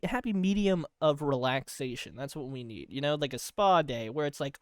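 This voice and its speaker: A man's voice: on the high side, lively intonation, normal speed, hardly any pauses, clear, resonant tone, no room sound, studio quality. A man hosting a comedy podcast, rambling through a goofy monologue with loose filler asides and laughter breaking into his lines. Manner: breaks into laughter mid-line.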